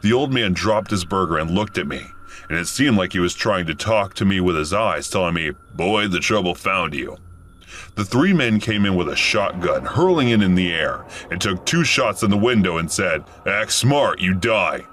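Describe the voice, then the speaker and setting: A man's voice: sits low, expressive, moderate pace, a bit bright, a little hiss or hum. A man narrating a first-person story in a matter-of-fact storytelling manner.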